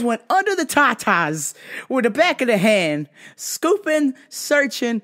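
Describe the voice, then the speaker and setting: A woman in her thirties telling comedic travel stories to camera, animated, profane and often laughing. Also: fairly high pitch, measured pace. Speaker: vlogger. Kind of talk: casual comedic storytelling.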